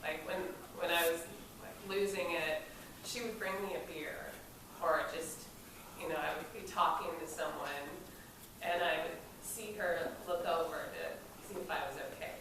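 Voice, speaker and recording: A woman telling a casual, lively story at an event, swearing and laughing as she goes. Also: lowish voice, normal speed. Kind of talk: casual spoken anecdote. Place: event space during a film screening. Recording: echoey room from far off, noisy.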